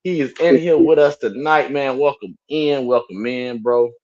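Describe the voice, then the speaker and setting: A man's voice: medium pitch, normal speed, a little mellow, muffled recording. A man hosting a casual live-stream talk show in a laid-back way, repeating his phrases. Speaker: podcast host.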